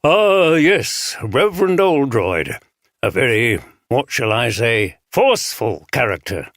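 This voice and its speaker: A man's voice: medium pitch, very animated, slow pace, fairly bright tone, no room sound, clean studio sound, heavily acted. A man voicing a portly, frank male bishop with a northern English accent. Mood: warm. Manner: frank, earnest.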